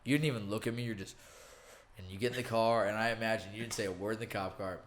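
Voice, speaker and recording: Seorang pria muda yang bercerita dengan hidup. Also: male voice, lowish voice, quick pace, a little hiss or hum. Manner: animated storyteller, acts out quotes, laughs often. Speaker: podcast co-host. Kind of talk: casual storytelling chat.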